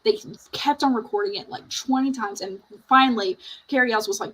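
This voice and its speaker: A woman's voice: a little high, moderate pace, a bit bright, breathy edge, poor audio. A woman hosting a casual chat show, retelling movie scenes with lots of fillers. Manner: chatty, laughs easily. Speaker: podcast host.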